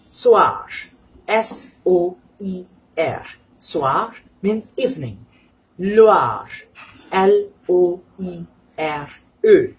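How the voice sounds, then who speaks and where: A woman teaching French in English, spelling out words letter by letter in a slow, deliberate manner. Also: fairly low pitch, husky, rough recording. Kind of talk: language lesson.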